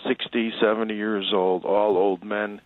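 A man's voice: fairly low pitch, little pitch movement, measured pace, no room sound. Man telling a story over a tinny line. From Chicago. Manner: rambling anecdote with acted quotes. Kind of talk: casual storytelling.

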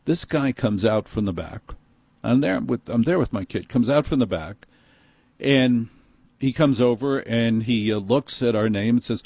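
A man's voice: medium pitch, measured pace, darkish tone, dry recording. A middle-aged man with a New York accent telling a story as an exasperated, ranting comic monologue.

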